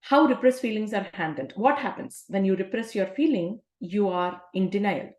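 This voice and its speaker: Woman, life coach, self-help talk, conversational, rhetorical questions, mid-pitched voice. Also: expressive, normal speed, a little mellow. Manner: conversational, asks rhetorical questions, often adds "right?". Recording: roomy echo.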